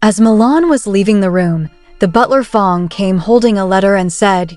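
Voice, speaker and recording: A woman narrating a comic story recap in a steady, even reading voice. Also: medium pitch, normal speed, hardly any pauses, faint music behind.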